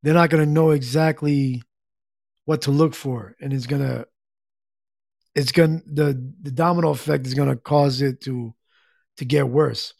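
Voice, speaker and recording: A man's voice: medium pitch, fairly even intonation, normal speed, gravelly, long pauses, darkish tone, no room sound, studio quality. A middle-aged man hosting a casual livestream, rambling in an easygoing way and reading viewers' comments aloud. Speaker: livestream host.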